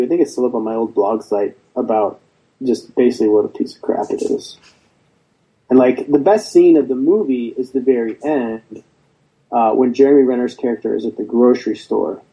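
A man's voice: medium pitch, mellow, husky, poor audio. A man, a veteran guest, speaking bluntly and with frequent swearing in a conversational interview. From United States. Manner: blunt and profane, storytelling.

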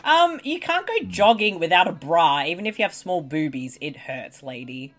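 A woman's voice: on the low side, lively intonation, moderate pace. A woman co-hosting a casual movie commentary, blunt and teasing. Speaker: podcast co-host watching a film.

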